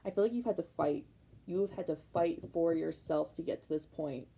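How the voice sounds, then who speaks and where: Young woman reading tarot cards, gravelly low voice, keeps repeating herself, lots of likes. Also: moderate pace, low-quality recording. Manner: rambling, repetitive, emphatic, many likes; excited, fired up. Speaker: tarot reader.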